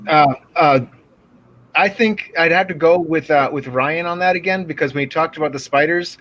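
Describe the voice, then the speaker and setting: A man's voice: fairly high pitch, moderate pace, a bit bright. A man casually and hesitantly giving his vote. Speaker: comedian voting. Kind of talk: casual chat. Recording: dull lo-fi call audio.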